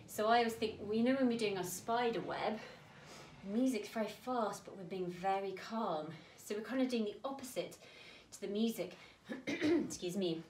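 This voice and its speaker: A woman's voice: mid-range voice, moderate pace, darkish tone, a little hiss or hum. A woman teaching a creative dance lesson for young children, talking straight to them in an encouraging way. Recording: echoey room, mic at a distance.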